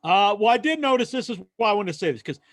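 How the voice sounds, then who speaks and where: A man co-hosting a podcast, telling a long story in casual chat and acting out other people's lines loudly. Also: high-pitched, animated, fast, no room sound, studio quality. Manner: rambling storyteller, acts out quoted voices loudly. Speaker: podcast co-host.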